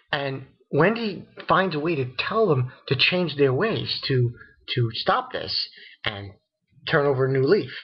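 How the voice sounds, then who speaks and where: A man giving a casual spoken recap of an anime episode, excitable and rambling, often laughing and restarting his sentences. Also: medium pitch, highs cut off.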